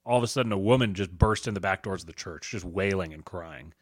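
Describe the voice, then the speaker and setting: A man, a podcast guest, telling a story in casual chat, earnest and halting with many restarts. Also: deep voice, dry recording, clean studio sound.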